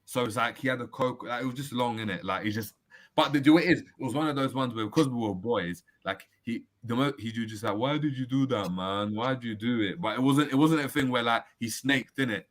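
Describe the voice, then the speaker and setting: A man's voice: medium pitch, fast talker. A man hosting a casual football chat show, telling stories in slang and reading out viewer comments. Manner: animated storytelling, slangy, reads out viewer comments. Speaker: host.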